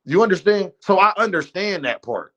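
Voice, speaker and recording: High-voiced man ranting on a livestream. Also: expressive, moderate pace, a bit bright, highs cut off. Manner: blunt, profane and heated; talks straight to his chat. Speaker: livestream host. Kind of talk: unscripted livestream rant.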